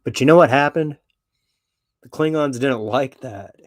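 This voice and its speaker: A man's voice: mid-range voice, unhurried, no echo, clean studio sound. A man talking in a blunt, swaggering, foul-mouthed monologue as a podcast host. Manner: blunt, swaggering, heavy swearing. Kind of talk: profane opinionated monologue.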